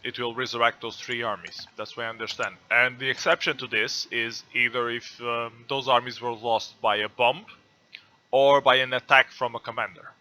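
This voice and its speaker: A man with a very bright, sharp voice who speaks English as a second language. He hosts a casual gaming chat on an online call, pausing often and thinking aloud as he works through the rules. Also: medium pitch, steady tone. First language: not English. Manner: hesitant, thinks aloud while reading rules. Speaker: host.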